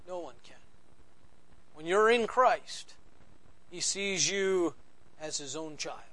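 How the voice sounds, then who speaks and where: A man preaching a sermon as pastor, swinging from loud emphasis to hushed lows and slowly repeating key phrases. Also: lively intonation. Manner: slow deliberate repetition of key phrases.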